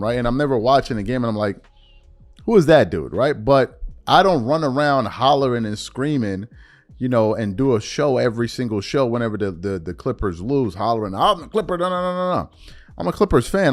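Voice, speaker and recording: A male podcast host with a mid-range voice gives his opinion in casual, rambling talk full of fillers and repetition. The recording is dry.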